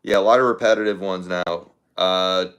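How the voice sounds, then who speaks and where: Man, livestream host, casual chat, slightly low voice, offhand, thinking aloud. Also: steady tone, normal speed, fairly bright tone, clear, resonant tone. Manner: offhand, thinking aloud, with fillers and repeated phrases. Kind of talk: casual chat reading viewer comments.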